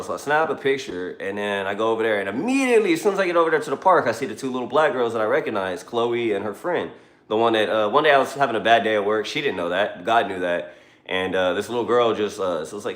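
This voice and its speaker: A man's voice: fairly low pitch, animated, quick pace, fairly bright tone. Rambling, profane man telling a story. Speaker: livestreamer. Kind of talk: casual storytelling. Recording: roomy echo.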